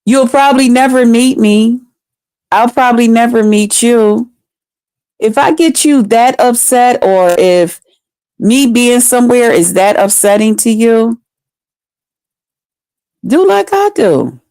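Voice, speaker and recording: A woman in her fifties holds an unhurried live chat with her viewers, greeting them by name and laughing often. Her voice sits a little high. The sound is dry and close. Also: lively intonation, warm tone, dry recording. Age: 50s. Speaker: livestreamer.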